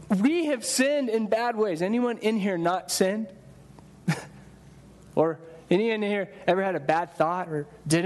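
Pastor, male, higher voice, chatty sermon delivery with restarts. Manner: conversational preaching with repeated restarts and acted-out quotes. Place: church sanctuary.

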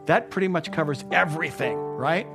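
A male pastor giving a conversational sermon, acting out scripture voices and dropping to a hush at key points. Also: a little high, moderate pace, gravelly, over music. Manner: conversational preaching, acts out quotes, drops to a hush for emphasis.

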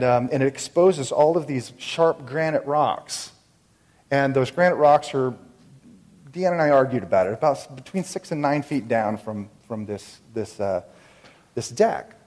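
A man telling a personal faith story in an earnest, reflective way, with many halting restarts. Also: mid-range voice, darkish tone, big-room sound.

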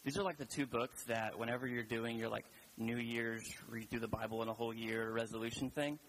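Lockerer männlicher Prediger, stockend und plaudernd, Kirche, leises Zischen im Hintergrund. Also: male voice, medium pitch, fairly even intonation, fairly quick, fairly bright tone, a little hiss or hum, low-quality recording. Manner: casual, rambling, many fillers and restarts. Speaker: preacher. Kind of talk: sermon. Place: church.

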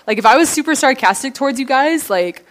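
A woman's voice: high-pitched, expressive, fast. A young woman giving a casual, earnest youth sermon, full of fillers like "like" and "you know", ending in prayer. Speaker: youth speaker.

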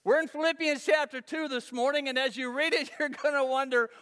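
A man's voice: extremely high pitch, fairly even intonation, brisk, bright, forceful tone, big-room sound. A man preaching a sermon as pastor, talking in a conversational, folksy storytelling way.

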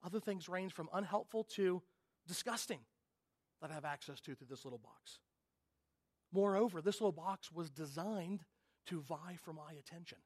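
A man preaching a sermon as a pastor, earnest, moving from loud emphasis to quiet intensity. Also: sits high, moderate pace, breathy edge.

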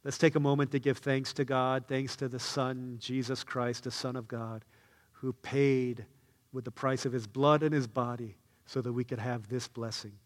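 A male pastor preaching a sermon, telling a story with swings between soft, quiet lines and loud, excited ones. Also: medium pitch, moderate pace, big-room sound.

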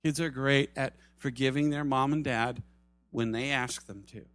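Middle-aged guy preaching, earnest, goes loud then drops real soft, bit of music under it, dry close sound. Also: fairly even intonation, moderate pace, no room sound. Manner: earnest, swings from loud urging to soft low asides. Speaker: pastor. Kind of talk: sermon.

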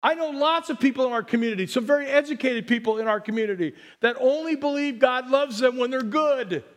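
Older male pastor, very high-pitched, excitable, joking sermon delivery. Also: brisk.

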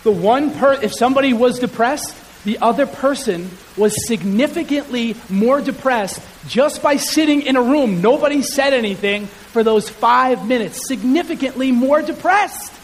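A male pastor preaching a sermon in a church, lively and conversational with self-deprecating humor. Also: very high voice, normal speed. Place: church sanctuary. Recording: hall reverb with faint hiss.

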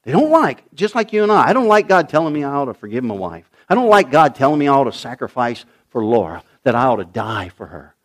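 A middle-aged man preaching a sermon, telling a story with lively, dramatic delivery and bursts of shouting as he acts out the characters. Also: mid-range voice, fast, few pauses. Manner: animated storytelling, acting out voices with shouts. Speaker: pastor.

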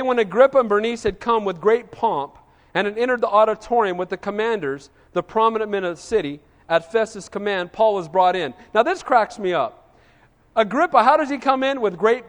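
A man's voice: high voice, long reverb tail. A man preaching a sermon as pastor, emphatic and conversational, often asking his congregation "Amen?".

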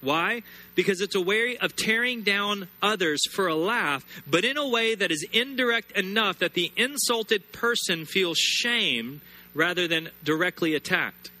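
A man preaching a sermon, emphatic, repeating words and slowing down hard on key lines. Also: sits high, lively intonation, sharp tone. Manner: emphatic, repeats words and builds phrases, slows sharply on scripture.

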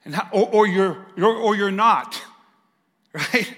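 A pastor preaching a sermon, swinging from raised, emphatic lines to hushed, soft ones. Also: male voice, sits high, lively intonation, slow, big-room sound.

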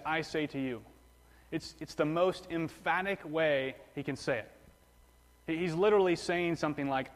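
Male pastor, sermon, conversational, repeats himself, slightly high voice, long hall reverb. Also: moderate pace. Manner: conversational preaching with repetitions and restarts.

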